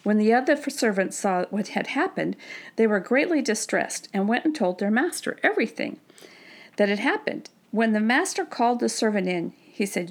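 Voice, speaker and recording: A woman leads a recorded Bible study lesson in a mid-pitched voice with a gravelly, creaky edge. She explains scripture in a relaxed, conversational way and often pauses with fillers and restarts her sentences. She sounds like a teacher speaking to a study group.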